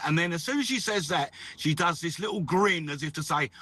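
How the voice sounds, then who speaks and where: Scornful male caller, bright voice. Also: fairly high pitch, fairly quick, hardly any pauses, dry recording. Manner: mocking, scornful.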